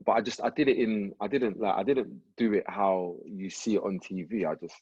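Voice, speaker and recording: Husky low-voiced man telling stories. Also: fairly quick, no room sound. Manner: relaxed slangy anecdote telling, frequent "you get me". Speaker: rapper and actor guest. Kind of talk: casual storytelling interview. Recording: slightly muffled podcast recording.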